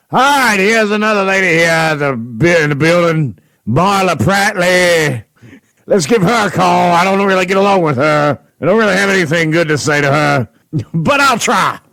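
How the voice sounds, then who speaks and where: A man's voice: sits high, sharp tone, dry recording, low-quality recording. Rowdy mocking radio host man, dry sound. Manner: mocking, laughs often. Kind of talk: rowdy radio prank bit. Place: radio studio.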